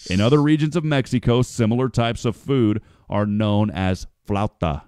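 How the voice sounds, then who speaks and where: A man's voice: on the low side, normal speed, a little mellow, clean tone, no echo, clean studio sound. A man hosting a morning radio show, chatting in a folksy, joking way and calling people "brother" and "man". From United States. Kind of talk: casual radio chat.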